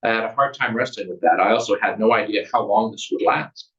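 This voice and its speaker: A man's voice: on the low side, a little fast, a bit bright. Man reading from his memoir, earnest and plain, distant from the mic, muffled sound. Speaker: author. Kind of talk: reading aloud from his memoir, with casual asides.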